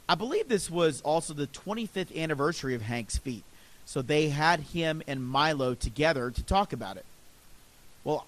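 A man's voice: medium pitch, fairly bright tone, low-quality recording. A middle-aged man, a podcast host, telling a personal story in an earnest, reflective and enthusiastic way.

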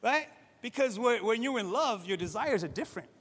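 Middle-aged male pastor, high voice, lively conversational sermon, long hall reverb. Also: brisk, husky. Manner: conversational, animated, acts out quoted voices.

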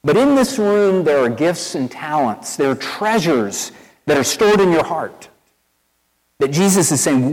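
A man from East Tennessee with a Southern accent, a pastor preaching a sermon in a conversational, storytelling way, earnest and animated. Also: fairly high pitch, measured pace, big-room sound, poor audio. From East Tennessee, USA. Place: church sanctuary with long reverb.

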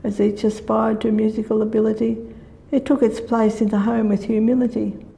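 An older woman recites her own rhyming verse as a radio guest. Her voice is gravelly and mellow, a little high. Her delivery stays flat and measured. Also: poor audio. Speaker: guest poet. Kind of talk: reading rhyming poems aloud.

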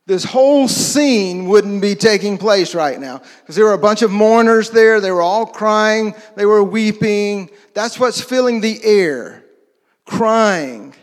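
A man's voice: high voice, long reverb tail. A man preaching a sermon in a conversational way, often asking his listeners questions. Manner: conversational, asks the audience questions.

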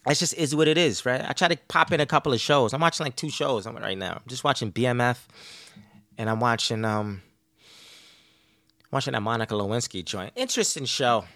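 A man's voice: medium pitch, fairly quick, sharp tone, dry recording, clean studio sound. A man in his thirties hosting a podcast, rambling casually and profanely about family life, laughing often. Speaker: podcast host.

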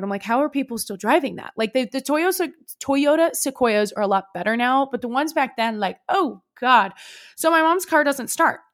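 A young woman hosting a podcast, telling a personal story in a chatty, casual way, full of fillers and swearing. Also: on the high side. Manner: chatty, swears freely, lots of "like". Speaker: podcast host.

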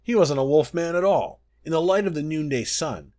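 A man giving a scripted, expressive storybook narration. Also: fairly high pitch, moderate pace.

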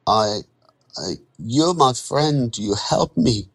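A man reading a story and voicing an anxious male newcomer who stammers in halting broken English. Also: mid-range voice, very animated, slightly rough, voice pushed up, heavily acted. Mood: worried.

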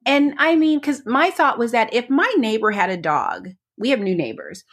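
A woman's voice: fairly high pitch, very animated, normal speed, slightly rough. A woman co-hosting a podcast in casual chat, talking eagerly and rambling with lots of fillers. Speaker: podcast co-host.

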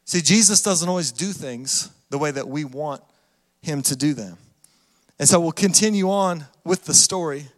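High-voiced pastor preaching in a reverberant hall. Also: male voice, normal speed. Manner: animated storytelling with acted-out voices. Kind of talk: sermon.

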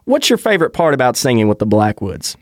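A man with a Southern US accent hosting a podcast, asking questions in a playful, animated way. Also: mid-range voice, quick pace, no room sound, clean studio sound. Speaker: podcast host. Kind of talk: casual interview.

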